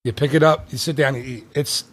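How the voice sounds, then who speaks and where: A man's voice: medium pitch, fairly even intonation, a little fast. A man hosting a travel podcast in casual chat, rambling and laughing often as he corrects himself. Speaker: podcast host.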